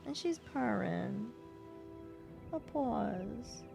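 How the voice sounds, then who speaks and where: A woman streamer in casual live-stream chat, relaxed, affectionate and chatty. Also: fairly high pitch, drawn-out words, vocal fry, music in the background.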